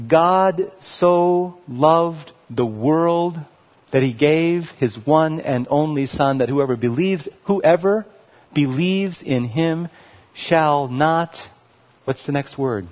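A man preaching a passionate sermon, rising to loud emphatic peaks and dropping to quiet, low phrases. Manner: passionate, swells loud on key words then drops low. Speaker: pastor. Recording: reverberant hall, dull lo-fi sound.

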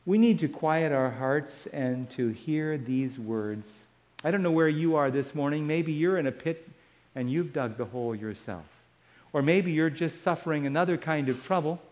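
A man preaching a sermon, slow and measured, letting key phrases fall soft and quiet. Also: fairly high pitch.

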